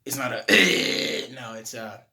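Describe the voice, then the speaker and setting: A man's voice: mid-range voice, measured pace, a bit bright. Young man rambling through a vocal tutorial. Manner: rambling, many fillers and restarts, swears casually. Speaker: self-taught vocal tutor. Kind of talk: casual tutorial monologue.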